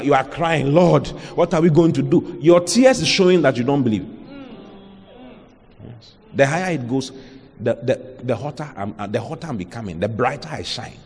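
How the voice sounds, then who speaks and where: A man's voice: medium pitch, big-room sound. A man with a Ghanaian accent, preaching a sermon as a pastor, emphatic and full of rhetorical questions.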